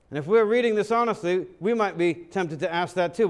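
A man's voice: sits high, fairly quick, few pauses. A man preaching a sermon, dramatic and full of rhetorical questions, sometimes acting out other voices. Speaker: pastor.

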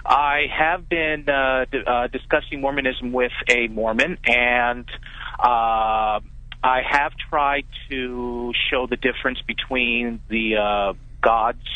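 A man's voice: medium pitch, fairly even intonation, slow, no echo. Male caller from California, hesitant and filler-heavy, tinny dry phone line. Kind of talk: call-in question.

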